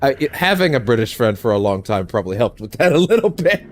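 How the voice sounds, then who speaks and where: A man's voice: medium pitch, very animated, fast talker, a little hiss or hum. A man streaming a game, rambling casually, swearing and laughing often as he plays. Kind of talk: casual let's-play commentary.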